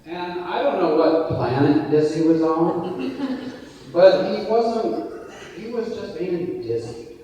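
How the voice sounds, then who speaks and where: A man's voice: high-pitched, animated, slow, mellow, a little hiss or hum. A man telling a laughing anecdote as a eulogy speaker at a memorial in a church hall, in an echoey recording from far off.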